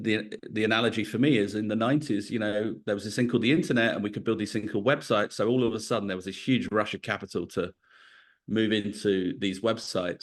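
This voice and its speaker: Man, middle-aged, fairly low voice, thinks aloud, conversational guest answers. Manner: reflective, storytelling, thinks aloud with restarts. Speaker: podcast guest, venture investor.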